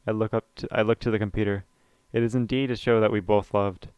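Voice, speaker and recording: Low-voiced man reading a game aloud. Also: steady tone, fast, darkish tone, smooth, dry recording. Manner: plain first-person reading with small slips and asides. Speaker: let's play narrator. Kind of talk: reading a visual novel aloud.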